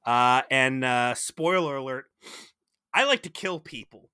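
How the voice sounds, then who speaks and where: A man voicing a brash, cocky male starship pilot who talks in quick, sarcastic bursts. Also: medium pitch, pushed and bright, smooth, no echo, studio quality. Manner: rapid, swaggering, sarcastic.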